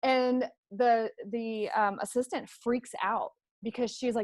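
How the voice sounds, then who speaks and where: A woman's voice: a little high, steady tone, takes it slowly, dry recording, clean studio sound. A middle-aged woman hosting a conversational interview, telling a personal story in an open, emotional way. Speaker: host.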